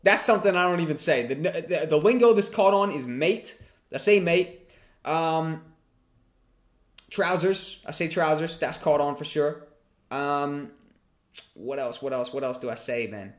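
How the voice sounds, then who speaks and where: A man's voice: on the high side, measured pace, long pauses. A man hosting a casual livestream Q&A. He reads chat questions aloud and answers them in a chatty way, swearing freely.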